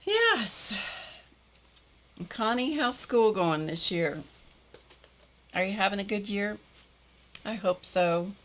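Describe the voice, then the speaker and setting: This older woman runs a live stream where she chats casually over viewer comments, greeting each person by name amid frequent laughter. She talks slowly at a medium pitch, pausing often.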